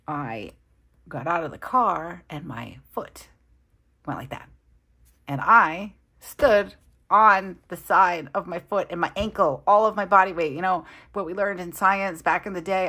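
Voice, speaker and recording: Chatty woman in her 30s, low husky voice, laughs at herself a lot. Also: pushed and bright. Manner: chatty, self-deprecating, laughs often. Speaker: planner vlogger. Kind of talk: casual storytelling while planning.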